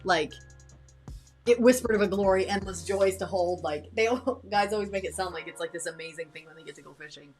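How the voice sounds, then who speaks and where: A woman's voice: mid-range voice, brisk, darkish tone, soft background music. A woman co-hosting a reaction video, chatting casually and thinking aloud. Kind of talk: casual chat.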